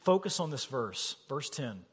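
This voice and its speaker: A man preaching a sermon as pastor, animated and emphatic, asking his listeners questions. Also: mid-range voice, unhurried, slightly rough. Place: church sanctuary. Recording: long reverb of a church hall.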